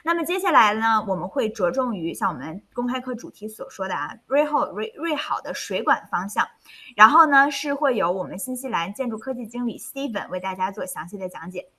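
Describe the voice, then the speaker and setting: A woman hosting and interpreting a webinar over a video call, switching between Chinese and English in a cheerful, lively way. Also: mid-range voice, a little fast, slightly rough.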